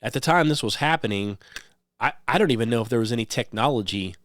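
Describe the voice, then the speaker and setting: A male radio host delivers a loose, rambling monologue, checking in with "okay?" and filling pauses with "um". His voice sits at an ordinary middle pitch. The recording is dry, with no room sound. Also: lively intonation, a bit bright, no room sound. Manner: conversational, repeats "okay?" and "um" often.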